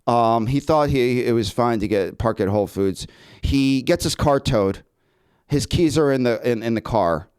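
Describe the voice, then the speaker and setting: A man who hosts a podcast for actors tells stories in a casual, animated way, often stammering and repeating words. His mid-range voice has a clean tone and a normal speed.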